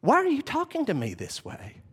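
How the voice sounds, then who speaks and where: A man's voice: very high-pitched, huge pitch swings, a bit bright, slightly rough, voice pushed up, full character voice. A man preaching, putting on the voice of an agitated Roman governor who fires off anxious questions. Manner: rapid-fire anxious questioning.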